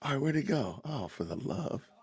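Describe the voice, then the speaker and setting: A man's voice: mid-range voice, big pitch swings, normal speed, slightly rough. A middle-aged man, hosting a casual podcast livestream from home, chatty and laughing often as he talks to his viewers. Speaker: podcast host. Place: home, family heard in the kitchen.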